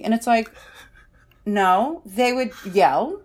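A woman's voice: on the high side, lively intonation, takes it slowly, a little mellow. A woman, a parenting author, giving conversational interview answers in an explanatory way, often saying "you know" and acting out what parents and kids say.

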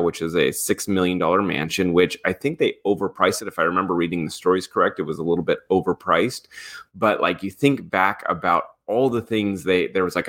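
Deep-voiced man recapping gossip news. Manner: relaxed recap of news with fillers. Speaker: podcast co-host. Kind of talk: casual celebrity news rundown.

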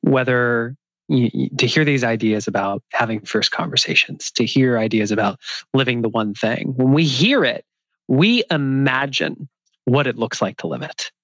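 A man's voice: mid-range voice, moderate pace, fairly bright tone, no room sound, lo-fi sound. A man hosting a conversational interview, talking reflectively and restarting phrases as he thinks aloud.

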